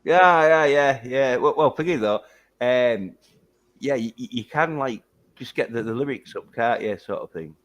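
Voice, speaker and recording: A man's voice: mid-range voice, lively intonation, moderate pace, highs cut off. Chatty British-accented male host. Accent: British English. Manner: chatty, swears casually. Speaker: livestream host. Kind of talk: casual livestream chat.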